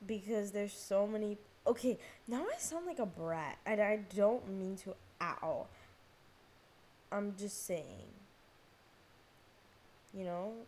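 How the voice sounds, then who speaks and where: A woman's voice: mid-range voice, lively intonation, slow, long pauses, a little mellow, slight background noise. Rambling young woman podcast host. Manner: rambling, self-mocking, heavy use of "like", frequent swearing; jumps between topics, loses her thread. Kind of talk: casual solo chat. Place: at home, on her phone.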